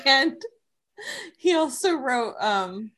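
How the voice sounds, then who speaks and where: A woman co-hosting a casual chat, speaking slowly and deliberately. Her pitch swings widely and sits a little high. She drops in dry asides and chuckles often. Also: animated, a bit bright. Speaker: podcast co-host.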